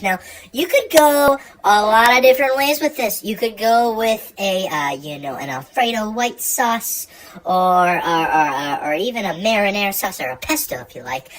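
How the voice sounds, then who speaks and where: A woman's voice: fairly high pitch, a bit bright, slight background noise, low-quality recording. A woman hosting a casual comedic cooking video, rambling, joking and stumbling over her words. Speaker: cooking show host.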